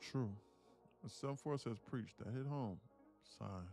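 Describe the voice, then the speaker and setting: A man's voice: medium pitch, slow pace, gravelly, warm tone, soft background music. A man hosting a casual live stream, talking reflectively and directly to his viewers. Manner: reflective, talks straight to his chat. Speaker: live-streaming day trader host.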